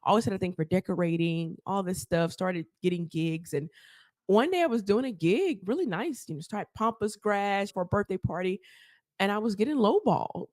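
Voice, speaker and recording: A woman, a therapist, telling her story as a podcast guest, animated and laughing often as she acts out quotes. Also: mid-range voice, normal speed, no echo, clean studio sound. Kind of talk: casual storytelling interview.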